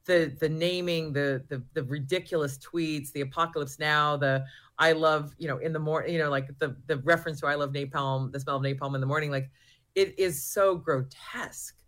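A woman's voice: low voice, steady tone, moderate pace, fairly bright tone. A woman guest in an interview, speaking earnestly with frequent restarts and fillers. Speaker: guest, research group founder. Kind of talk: interview answers.

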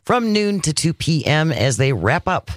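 A man's voice: on the high side, big pitch swings, unhurried, dry recording. A man co-hosting a morning talk radio show from a studio, announcing in an upbeat way. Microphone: studio microphone.

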